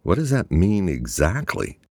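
A man's voice: low-pitched, wildly swooping pitch, unhurried, no room sound, studio quality, pitched above the performer's own voice, heavily acted. A man voicing an anxious male agribusiness CEO who asks blunt, pressing questions. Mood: uneasy.

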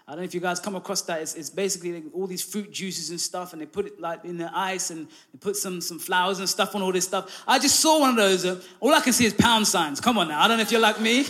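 A preacher with a high, light voice delivers a sermon. He mixes scripture with a funny personal story and keeps his listeners engaged with frequent calls of "come on now" and "amen". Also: quick pace, sharp tone. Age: adult, married.

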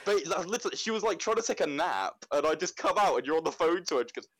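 A young man co-hosting a casual podcast chat, swearing freely and telling lively stories. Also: on the high side, racing, slight background noise, low-quality recording. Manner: swears freely, animated storytelling. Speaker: podcast co-host.

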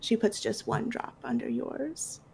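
A woman narrating as game master of a tabletop role-play, relaxed with fillers. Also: on the high side, a little slow, gravelly, slight background noise.

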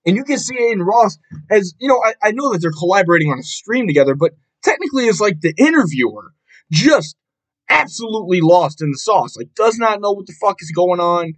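A young man hosting a casual solo podcast, ranting with a lot of profanity and an exasperated tone, and jumping up into shouts. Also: high-pitched, animated, brisk, poor audio. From Buffalo, New York area. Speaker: podcast host.

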